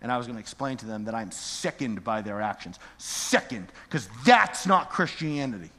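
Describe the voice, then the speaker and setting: A man preaching a storytelling sermon, swinging from quiet asides to near-shouting. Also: medium pitch, animated, normal speed. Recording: echoey large hall.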